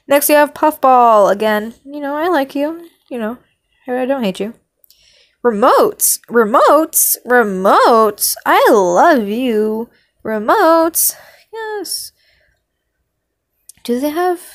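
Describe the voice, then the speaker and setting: A woman talking casually and meandering through her opinions, trailing off into hums and ums, sometimes bursting into mock outrage. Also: fairly high pitch. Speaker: vlogger ranking cartoon characters. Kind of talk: casual rambling commentary.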